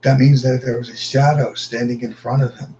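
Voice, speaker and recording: A middle-aged man recounting his family's paranormal experiences as a guest, halting and repeating words as he tells it. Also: medium pitch, little pitch movement, mellow, dull audio, slight background noise.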